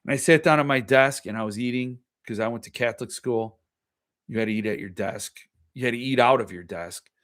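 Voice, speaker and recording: A man's voice: medium pitch, brisk, a bit bright. A middle-aged man hosting a casual livestream, chatting and reacting to viewer comments, often trailing off and restarting his sentences. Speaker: host.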